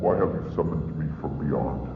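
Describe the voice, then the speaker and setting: Super deep slow demon, gravelly, thin phone-like film clip. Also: male voice, reverberant, big-room sound, over loud music. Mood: solemn. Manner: slow, solemn commands. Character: summoned demon from beyond, deep and commanding. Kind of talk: low-budget horror film dialogue.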